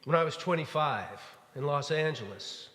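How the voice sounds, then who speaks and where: A man's voice: on the high side, animated, moderate pace, fairly bright tone. Male pastor, easygoing storytelling sermon, recorded in a reverberant sanctuary. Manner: storytelling, conversational with frequent fillers. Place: church sanctuary. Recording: echoey church hall.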